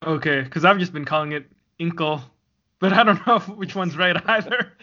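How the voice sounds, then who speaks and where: A man co-hosts a casual podcast, rambling between jokes with a bright, somewhat tense tone. His voice sits a little high, and the recording sounds dull and lo-fi. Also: expressive, brisk. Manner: rambling, jokey, laughs often. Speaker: podcast co-host. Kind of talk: casual chat.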